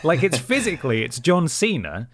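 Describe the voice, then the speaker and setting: A man's voice: a little high, very animated, moderate pace, no echo, studio quality. A man co-hosting a podcast, telling stories in casual chat with some rambling and hesitation. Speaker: podcast co-host.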